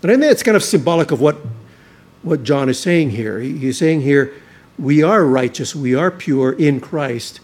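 A man preaching a sermon as a pastor, earnest and emphatic, with frequent restarts and stretches where he drops to a quieter, intense delivery. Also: a little high, lively intonation, normal speed, breathy edge.

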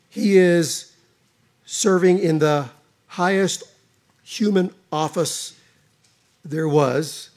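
A man with a high voice preaching slowly and deliberately. He leans on key words, pauses for effect and circles back to repeat his phrases as he explains the passage. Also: darkish tone. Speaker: pastor. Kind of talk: sermon.

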